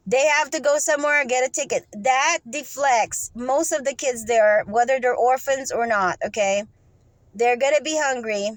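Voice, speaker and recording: A woman with a fairly high voice, recorded dry and close. She gives advice off the cuff in a rambling, instructive way, often breaking off and asking "okay?" before going on. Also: no echo, low-quality recording. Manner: rambling and instructive, with frequent "okay?" check-ins; restarts and trails off mid-sentence. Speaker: vlogger giving advice. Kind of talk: unscripted advice monologue.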